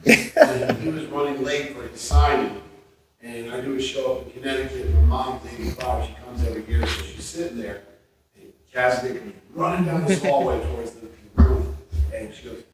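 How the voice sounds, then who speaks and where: A man on a convention memorial panel, telling animated stories with laughter and acting out what people said. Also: mid-range voice, brisk. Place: convention hall panel room. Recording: echoey hall, audience noise, distant mic.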